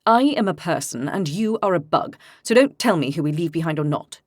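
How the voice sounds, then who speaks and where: A woman's voice: low voice, expressive, fairly quick, dry recording, studio quality. A woman voicing a brash, boastful young male warrior with cocky, mocking banter.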